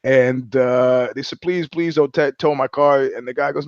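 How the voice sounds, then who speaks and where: A man's voice: medium pitch, fairly even intonation, normal speed, a little mellow, clear, resonant tone, no echo, dull audio. A man co-hosting a podcast, telling rambling anecdotes in casual chat, swearing freely and acting out the quotes. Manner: rambling storyteller, swears often, acts out quotes. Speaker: podcast co-host.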